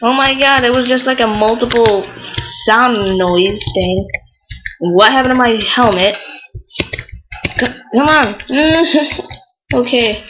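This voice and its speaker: A young woman giving excitable, frustrated Let's Play commentary while playing a game. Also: mid-range voice, dull audio, background noise. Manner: excitable, exclaims often, frustrated outbursts. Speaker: gamer.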